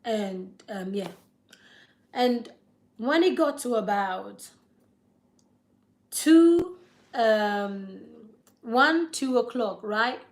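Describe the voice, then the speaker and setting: A woman's voice: on the high side, lively intonation, extremely slow, long pauses. A woman in her thirties telling a heartfelt personal story on a live vlog, repeating words for emphasis and checking in with her listeners. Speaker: vlogger.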